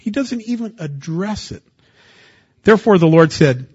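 A man, a pastor, preaching a sermon in an earnest way, going from hushed to loud and emphatic. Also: high-pitched, expressive, moderate pace, long pauses, breathy edge, lo-fi sound. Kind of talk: sermon with scripture reading.

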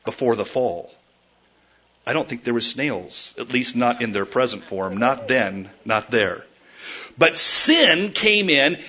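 A man preaching a sermon, emphatic, swinging between loud declarations and quiet asides and calling his listeners folks. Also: lowish voice, husky. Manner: addresses the listeners directly as folks. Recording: dull lo-fi recording.

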